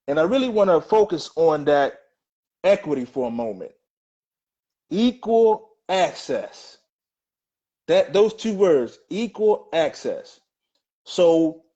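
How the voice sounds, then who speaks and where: A man hosting a casual talk show, his voice sitting a bit high for a man. He speaks haltingly, restarting phrases and filling pauses as he tells a story. The recording sounds dull and lo-fi. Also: darkish tone. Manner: halting, many restarts and fillers. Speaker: host.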